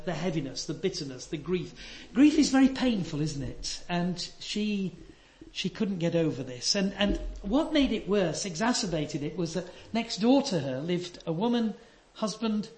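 An older man preaching a sermon, earnest and emphatic, dropping to soft asides. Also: high-pitched, lively intonation, moderate pace, few pauses. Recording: echoey hall.

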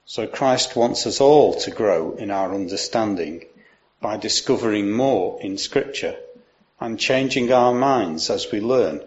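A man preaching a sermon, explaining and reading scripture aloud in a measured way. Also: fairly low pitch, dull audio.

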